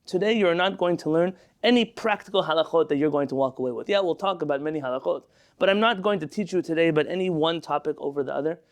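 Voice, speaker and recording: A man, a rabbi, teaching a storytelling Torah class in an animated way, sprinkling in Hebrew terms. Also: a little high, fast talker.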